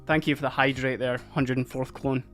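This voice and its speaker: A man's voice: medium pitch, flat delivery, a little fast, a bit bright, faint music behind. A Scottish man hosting a casual livestream, chatty and upbeat, thanking viewers as he reads the chat. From Scotland. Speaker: livestream host.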